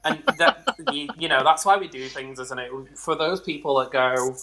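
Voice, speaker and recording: A man's voice: on the high side, normal speed, bright, forceful tone, slight background noise, poor audio. A man appearing as a guest on a drag chat show, talking earnestly about why he performs, over a video call. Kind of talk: casual chat.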